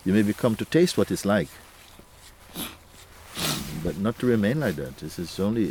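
Male spiritual teacher, lowish voice, gentle and playful, laughs often, nonstandard grammar in English. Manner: gentle, playful, laughs often, repeats "you see" and "huh".

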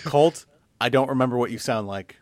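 A man's voice: medium pitch, fairly quick, no echo, clean studio sound. A man co-hosting a casual podcast, joking around and reading listener questions aloud. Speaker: podcast co-host.

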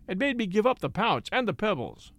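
Scared thief guy begging, voice goes high and shaky, man reading. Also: very animated, a little fast, fairly bright tone, no room sound, heavily acted. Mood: pleading. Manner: pleading, desperate. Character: frightened male Belgian thief, adult.

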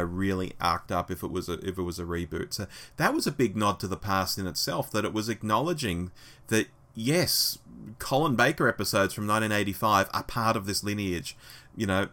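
Bright-voiced low-pitched male podcast host. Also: brisk. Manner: animated, laughs often, acts out quotes in a higher voice. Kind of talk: casual fan discussion.

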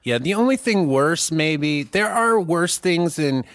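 A sarcastic man trading crude jokes on a comedy podcast, his pitch rising and falling. He sounds dry and close to the mic. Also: animated, a little slow, dry recording. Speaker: podcast co-host. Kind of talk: casual comedic chat.

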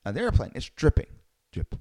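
A man telling a personal travel story in a lively way, acting out the people he quotes. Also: a little fast. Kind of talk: storytelling talk.

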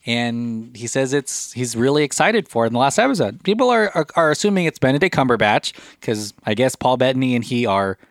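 A man's voice: medium pitch, very animated, fairly quick, hardly any pauses, no room sound, studio quality. A man co-hosting a podcast, talking casually in a rambling, jokey way. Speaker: podcast co-host. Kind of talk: casual chat.

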